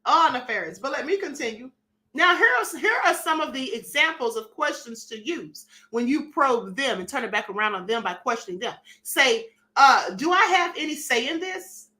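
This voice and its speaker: A middle-aged woman hosting a casual live stream, sassy and animated, acting out little dialogues and reading chat comments. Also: fairly high pitch, normal speed.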